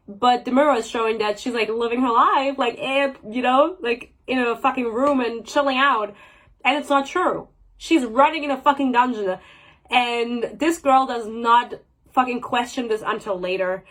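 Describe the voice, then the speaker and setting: A woman's voice: high-pitched, fairly bright tone, rough recording. A young woman giving a sarcastic, swear-heavy casual book review rant, mocking characters in exaggerated voices.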